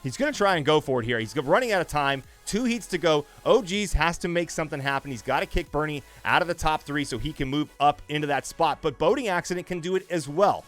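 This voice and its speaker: A man giving energetic live play-by-play of a simulated drone race and chatting with viewers. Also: a little high, fast, few pauses, soft background music. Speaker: esports race commentator.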